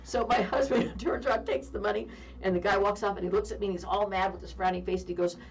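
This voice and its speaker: A woman in her fifties co-hosting a radio talk show, telling a long story in a lively way with frequent laughter. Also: medium pitch, fast talker. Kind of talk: casual on-air chat, storytelling. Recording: distant mic with faint background noise.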